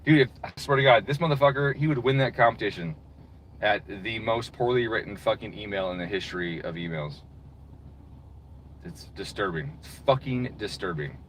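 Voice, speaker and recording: A man's voice: on the low side, normal speed, a little hiss or hum, low-quality recording. A man delivering a heated, profane, exasperated rant as a channel host. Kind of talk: profane ranting monologue.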